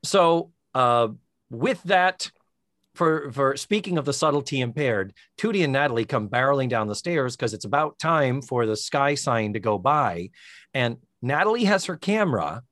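A man co-hosting a podcast, recapping a TV episode in casual chat with a wry, sarcastic, animated manner. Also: medium pitch, normal speed, no echo, clean studio sound. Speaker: podcast co-host.

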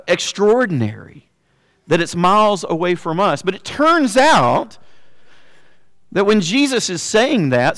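A man with a high, light voice preaches a sermon in a church, talking in an easy, conversational way. He drops in fillers and drags out the words he wants to land. The sound rings with a long reverb from the big room. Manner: conversational, with fillers and slowed emphasis on key words. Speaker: pastor.

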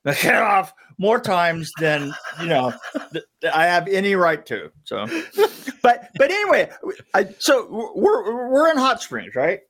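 Here the same kind of rambling podcast-guest story comes from a middle-aged man who keeps restarting and chuckling at his own expense. His high, bright voice is very animated, though he talks a little slowly. It's relaxed storytelling chat.

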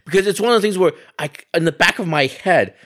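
A man's voice: high voice, fast talker, a bit bright. A man who is the movie correspondent on a podcast, chatting in a rambling way and often tacking on "and stuff like that". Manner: rambling, full of restarts and fillers like "and stuff like that". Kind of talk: casual podcast chat.

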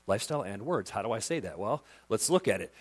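A male pastor preaching a sermon with passion, dropping to a hush and then rising to loud emphasis. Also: lowish voice, expressive, fast talker. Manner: impassioned, swings from hushed to loud emphasis.

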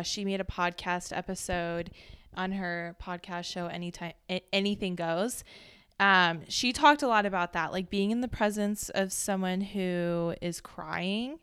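A woman from the Chicago suburbs co-hosts a podcast, chatting casually and telling stories full of fillers and laughs. Her medium-pitched voice is steady, smooth, and fairly bright, and she speaks unhurriedly. The studio-quality recording has no echo.

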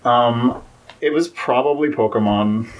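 A man's voice: medium pitch, unhurried, a little hiss or hum, poor audio. A young man as a podcast guest, talking casually with many fillers and restarts.

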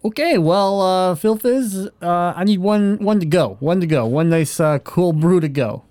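A man with a somewhat high voice plays a tabletop game, breezy and joking in character. His voice sounds dry and close. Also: measured pace, darkish tone, no echo. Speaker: player. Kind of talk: casual in-character play.

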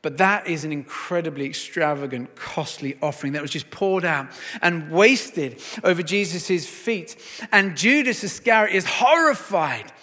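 A man preaching a sermon and telling a story, swinging from hushed to loud. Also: a little high, lively intonation, normal speed, big-room sound.

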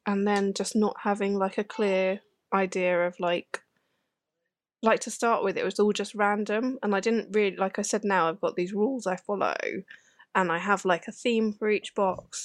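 A woman's voice: mid-range voice, steady tone, normal speed, no room sound, clean studio sound. A woman with a British accent, a guest in a podcast interview, shy and self-deprecating with frequent laughs. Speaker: guest illustrator. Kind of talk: casual interview chat.

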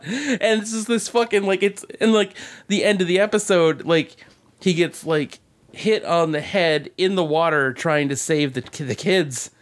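A man co-hosting a podcast speaks at normal speed in a high-sitting voice, rambling through anecdotes with frequent cursing and laughter in relaxed conversation.

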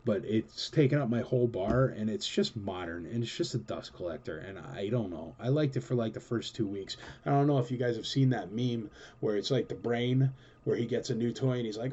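A man's voice: lowish voice, animated, a little fast, warm tone, breathy edge, dull audio. A man hosting a collector show, answering viewer questions in a rambling, enthusiastic, casual way with lots of fillers. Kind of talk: casual chatty Q&A.

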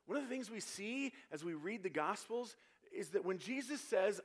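A man's voice: high-pitched, lively intonation, moderate pace, a bit bright. A man preaching a sermon, explaining scripture verse by verse and building to emphatic passages. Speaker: pastor.

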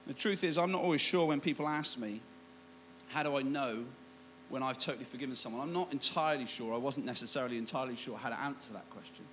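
A man's voice: medium pitch, fast, fairly bright tone, slight background noise. A man preaching a sermon, telling a self-mocking personal story with many restarts and asides. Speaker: pastor.

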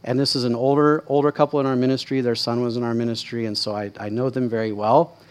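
Male pastor, mid-pitched voice, conversational sermon storytelling, candid and self-deprecating, animated. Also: fast talker, clear, resonant tone. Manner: candid, self-deprecating, chatty with frequent "right?" asides; lively, rising in pitch and volume when excited.

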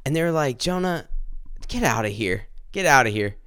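Earnest guy telling his faith story, keeps restarting, smooth clear voice, dry close sound. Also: mid-range voice, lively intonation, a bit bright, no echo. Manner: earnest, halting, with many restarts; speaks directly to listeners. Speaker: speaker sharing a faith testimony. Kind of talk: personal testimony storytelling.

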